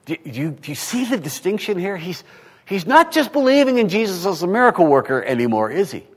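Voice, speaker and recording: A man preaching a sermon, animated, asking rhetorical questions and swinging from hushed tones to loud. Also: high voice, a little fast. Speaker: pastor. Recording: long hall reverb.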